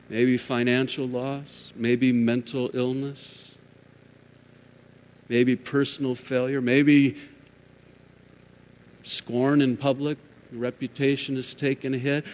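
A man preaching a sermon as pastor, swinging from emphatic raised peaks to hushed, quiet drops. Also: medium pitch. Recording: long hall reverb.

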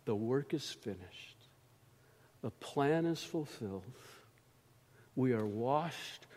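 A man preaching a sermon in a church, slow and emphatic, swelling loud on key phrases and dropping low between them. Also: animated. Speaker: pastor. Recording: reverberant church hall.

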